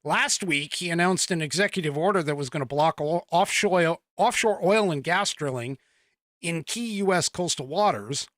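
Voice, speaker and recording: A man's voice: on the high side, normal speed, fairly bright tone, dry recording. A man hosting a political podcast, rambling through news in casual live-stream talk, reading the chat aloud and chuckling often.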